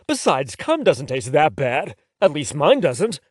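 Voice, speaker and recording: A man's voice: fairly high pitch, big pitch swings, no echo, studio quality. A man voicing a blunt, shameless young man in audiobook dialogue who talks without any filter. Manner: blunt, shameless, quick-talking. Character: brash, blunt young man, the fake boyfriend.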